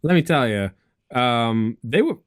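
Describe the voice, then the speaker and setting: A man's voice: medium pitch, expressive, unhurried, dry recording. A man with an English accent, hosting a casual gaming podcast and rambling with lots of fillers and restarts. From England. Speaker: podcast host. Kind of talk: casual chat.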